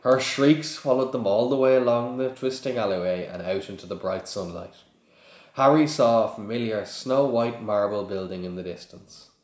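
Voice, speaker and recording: A man's voice: lowish voice, moderate pace, darkish tone, echoey room. A man reading a children's story aloud in a plain manner with small slips and restarts. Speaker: reader.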